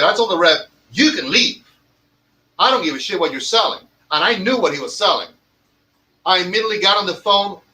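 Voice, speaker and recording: High, bright-voiced man ranting. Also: low-quality recording. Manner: profane, emphatic storytelling. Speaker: cigar lounge owner and tobacconist. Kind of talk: casual podcast rant.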